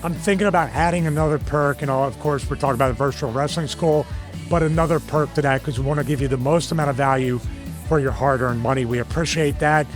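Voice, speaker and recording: Higher-voiced jokey Philly man. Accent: Philadelphia. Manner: jokey, rambling, self-mocking. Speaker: podcast host. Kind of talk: casual podcast chat.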